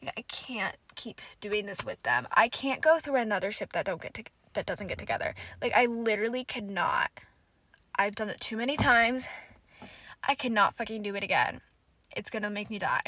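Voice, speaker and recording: A woman's voice: medium pitch, lively intonation, normal speed, bright, forceful tone, dry recording. A woman hosting a solo podcast, gushing emotionally and swearing often as she recaps a TV episode. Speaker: podcast host.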